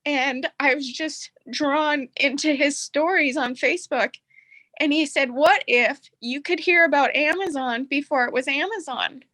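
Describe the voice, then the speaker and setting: Woman, high voice, earnest, heartfelt testimonial, candid caller. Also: unhurried, bright, forceful tone. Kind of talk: emotional personal testimony.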